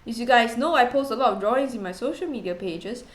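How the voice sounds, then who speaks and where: A young woman streamer chatting casually with her viewers, rambling and giggly and quick to poke fun at herself. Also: fairly high pitch, lively intonation. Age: young adult. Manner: rambling, giggly, self-deprecating. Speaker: VTuber streamer. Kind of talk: casual chat. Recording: roomy echo.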